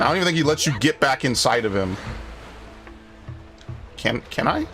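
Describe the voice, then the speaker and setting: A man's voice: mid-range voice, sing-song, moderate pace, bright, forceful tone. A young man streaming a video game, chatting casually, rambling and sarcastic, swearing often and telling anecdotes. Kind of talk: casual gaming commentary. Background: faint game music.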